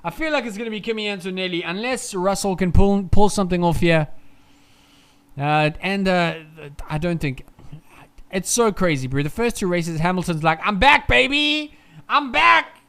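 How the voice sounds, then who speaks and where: This high-pitched, smooth voice belongs to a young streamer giving excitable, expletive-filled race commentary at a normal speed. He rambles casually and seems short on sleep.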